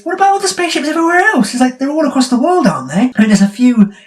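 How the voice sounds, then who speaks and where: A man's voice: high voice, a little mellow. A man giving a casual spoken movie review, chatty and incredulous, often breaking into laughter. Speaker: film reviewer.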